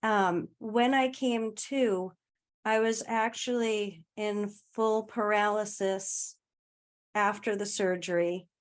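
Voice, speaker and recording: A woman's voice: mid-range voice, steady tone, takes it slowly. A woman guest in a casual conversation, telling a personal story in a chatty way, often laughing and trailing off mid-sentence.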